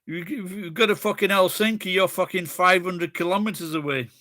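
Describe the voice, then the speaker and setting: Middle-aged Sheffield man, blunt and foul-mouthed in loose chat, fairly high voice. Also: fairly even intonation, moderate pace, sharp tone, no echo, clean studio sound. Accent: Sheffield English. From Sheffield, England. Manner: sweary, rambling, blunt. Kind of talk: casual chat with friends.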